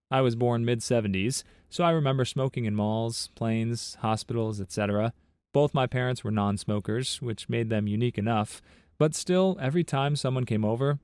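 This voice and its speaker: A man narrating a compilation of internet stories and comments in a steady, even read-aloud manner. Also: medium pitch, no room sound. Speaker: narrator of online story compilations.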